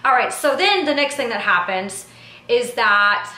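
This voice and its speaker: A woman with a bright, fairly high voice recounts behind-the-scenes drama to camera, animated and indignant, peppering her talk with "yo" and "like". The sound is echoey, as if recorded in a bare room. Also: measured pace. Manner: animated and indignant, slangy with frequent "yo" and "like". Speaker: reality TV personality and producer. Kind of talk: casual storytime recap to camera.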